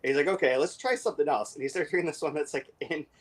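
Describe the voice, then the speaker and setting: A man co-hosting a casual book discussion, talking with many fillers and restarts and reading passages aloud quickly. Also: on the high side. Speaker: podcast co-host.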